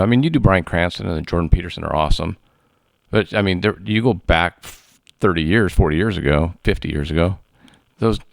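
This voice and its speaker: An older man hosting a casual interview, easygoing and agreeable, halting as he searches for words. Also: low-pitched, gravelly, no echo, studio quality. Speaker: podcast host.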